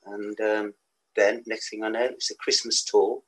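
Older midlands bloke, low husky voice, rambly storytelling. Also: male voice, flat delivery, moderate pace, low-quality recording. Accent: West Midlands English. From England. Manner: rambling anecdotes with laughs and restarts. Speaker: interview guest, musician. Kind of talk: casual storytelling.

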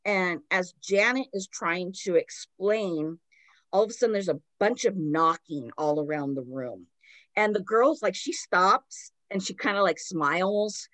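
A woman's voice: medium pitch, animated, unhurried, fairly bright tone, no room sound. A woman, a podcast host, retelling a story in a loose, casual chat full of "like" fillers.

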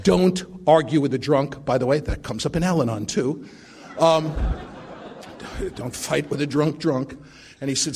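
Middle-aged man, fairly high voice, wry self-mocking testimony speaker. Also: measured pace, long pauses, a little mellow, breathy edge. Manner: wry, self-mocking storytelling with frequent restarts. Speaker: recovery meeting speaker. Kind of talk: personal recovery testimony.

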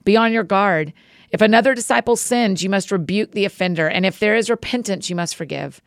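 A woman hosting a podcast, greeting listeners warmly and then reading scripture aloud at a steady pace. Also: on the low side, creaky, no room sound, clean studio sound. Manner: friendly, encouraging intro then steady reading.

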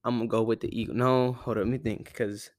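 A man's voice: medium pitch, level tone, fast talker, a little mellow, dry recording. Young guy from Arizona, loose and profane, self-correcting sports rant, dead-dry close mic. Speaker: sports podcaster. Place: home room with a cat. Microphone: close desk mic.

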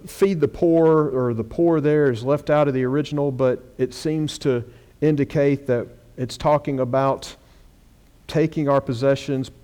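A man preaching a sermon as pastor, stressing words loudly and then dropping to quiet asides, in a church with a screen behind him. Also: medium pitch, steady tone, measured pace, clean tone. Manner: emphatic preaching, swings from loud stresses to quiet drops.

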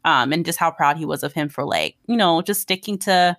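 A woman's voice: low voice, brisk, fairly bright tone, dry recording, studio quality. A woman co-hosting a casual podcast, talking animatedly with many fillers and acting out quoted lines. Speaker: podcast co-host. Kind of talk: casual chat.

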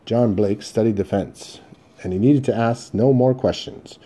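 Male audiobook narrator, dark timbre, steady measured read. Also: on the low side, husky. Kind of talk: scripted first-person Western narration.

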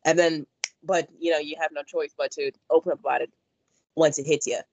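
A woman in casual conversation, animated, slipping into playful voices when she quotes someone. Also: sits low, brisk, no echo, rough recording. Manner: animated, jumps into mock voices when quoting. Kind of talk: casual chat.

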